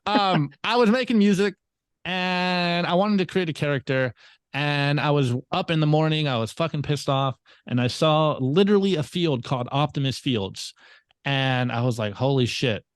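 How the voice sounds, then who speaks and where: A young man from California tells his story in a loose, rambling way, swearing often and jumping between thoughts. His voice sits a little high for a man and sounds smooth and resonant. It is recorded dry and close, with no room sound. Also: moderate pace, no echo. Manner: profane, rambling, animated storytelling. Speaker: guest. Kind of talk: casual interview storytelling.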